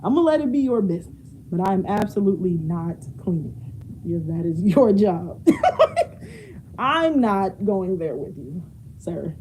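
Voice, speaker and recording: A woman's voice: mid-range voice, big pitch swings, unhurried, long pauses, darkish tone, a little hiss or hum, low-quality recording. A young woman chatting casually while she cleans her home, laughing often and drifting away from the mic as she moves. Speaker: vlogger. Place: home, moving around rooms.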